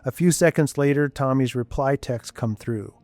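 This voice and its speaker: A man narrates a serialized audio story in a steady, measured voice at a middle pitch. The recording is dry and close, with soft music faintly underneath. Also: no room sound. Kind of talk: scripted narration.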